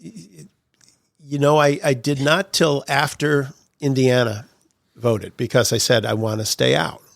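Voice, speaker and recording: A man's voice: mid-range voice, little pitch movement, a little slow, vocal fry, no room sound, clean studio sound. A man telling political anecdotes as a podcast guest, chuckling through his stories. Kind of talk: storytelling interview.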